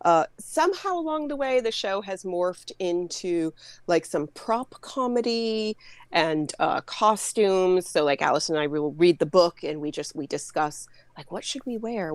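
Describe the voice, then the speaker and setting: A woman in her fifties chats with a podcast host, quick with jokes and funny voices for the people in her stories. Her voice sits a little low and sounds close and dry, with no room around it. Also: darkish tone, clear, resonant tone, no echo. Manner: chatty and joking, quotes people in put-on voices. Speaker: author and podcast guest. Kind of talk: casual chat.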